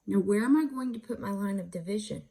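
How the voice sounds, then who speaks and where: A woman's voice: mid-range voice, creaky, dark tone, slightly rough. A woman teaching a phonics lesson, patiently walking through how to code words and asking questions before answering them herself. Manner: sounds out syllables slowly. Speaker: reading teacher.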